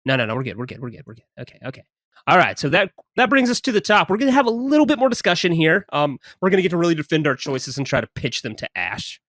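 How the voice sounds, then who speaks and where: Male host, slightly high, very expressive, laughs a lot. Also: quick pace, no room sound, studio quality. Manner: animated, laughs easily. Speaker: podcast host. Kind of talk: casual chat.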